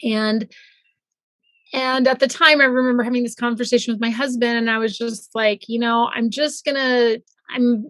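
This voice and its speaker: A middle-aged woman, a former pathologist, telling her story as a guest and lively acting out her own past thoughts. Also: a little high, moderate pace, no echo. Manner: animated, acts out her own past thoughts in quoted voices. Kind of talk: casual interview storytelling.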